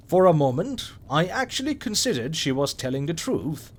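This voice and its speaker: A man narrating a scripted horror story in a measured, wry way. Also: fairly high pitch, big pitch swings.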